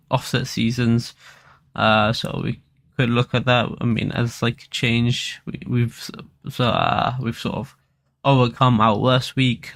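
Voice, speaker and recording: Gravelly man rambling through market commentary. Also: mid-range voice. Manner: casual, rambling, filler-heavy. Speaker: crypto market analyst. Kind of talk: live stream market commentary.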